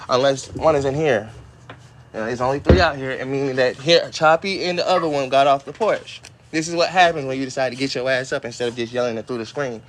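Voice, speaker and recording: A man hosting a casual livestream from home, rambling and swearing, who now and then breaks off to yell at dogs near a porch. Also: medium pitch, steady tone, fast talker, a little hiss or hum. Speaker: livestream host.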